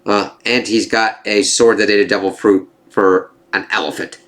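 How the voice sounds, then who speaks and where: A man with a slightly low voice talks through an anime season in a loose, unscripted review. He rambles with fillers and restarts. He swears freely and turns indignant at what the story's villains do. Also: little pitch movement, normal speed, fairly bright tone. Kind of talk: casual spoken review.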